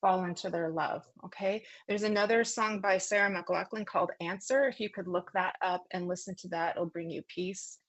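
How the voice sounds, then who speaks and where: Gentle, rambling woman giving a psychic reading. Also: on the low side, fairly even intonation, moderate pace, few pauses. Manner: rambling and apologetic, many fillers and restarts; gentle, consoling, emotional. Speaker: psychic medium. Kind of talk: live online psychic reading.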